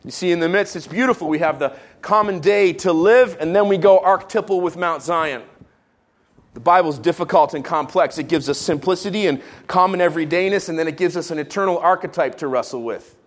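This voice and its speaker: Preaching fairly quickly in a slightly high voice, the Israel-raised pastor is animated and playful. His sermon alternates between forceful, loud lines and sudden quiet, hushed moments.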